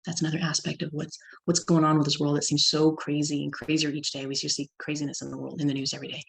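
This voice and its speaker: A woman's voice: low voice, flat delivery, quick pace, vocal fry, poor audio. A middle-aged woman from California giving a personal testimony talk as guest speaker, telling a story and acting out her child's lines.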